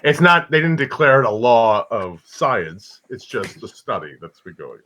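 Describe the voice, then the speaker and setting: A man's voice: mid-range voice, big pitch swings, measured pace, a bit bright. A man in a casual comedy chat, bantering loosely with jokes and swearing. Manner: loose, joking, profane banter. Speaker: podcast participant.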